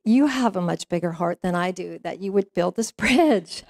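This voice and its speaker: A woman's voice: fairly low pitch, animated, moderate pace, vocal fry, no room sound, clean studio sound. Woman minister telling a story from the pulpit. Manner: warm conversational storytelling with frequent fillers and laughs. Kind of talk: sermon with storytelling. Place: church sanctuary.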